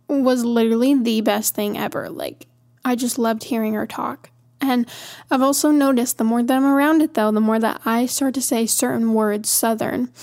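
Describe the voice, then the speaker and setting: A woman's voice: fairly high pitch, darkish tone. A woman from Montana hosting a podcast, talking in a chatty, rambling way and easily amused. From Montana, USA. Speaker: podcast host. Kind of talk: casual monologue.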